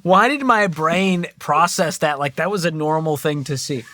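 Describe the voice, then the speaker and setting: A man's voice: on the high side, normal speed, pushed and bright, no room sound. Wry, sarcastic male finance host. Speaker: personal finance host reacting to videos. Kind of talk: casual comedic commentary.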